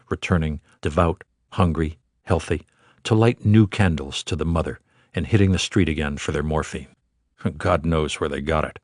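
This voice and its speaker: Male audiobook narrator, low voice, dry close-mic sound, measured rhythmic delivery of literary prose. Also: no echo.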